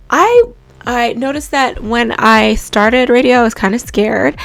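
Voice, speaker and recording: A young woman talks through voice and microphone tips in a relaxed vlog. Her delivery is chatty and animated, full of likes and you-knows. Faint music plays quietly underneath. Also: on the high side. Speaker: voice-over and radio host giving tips.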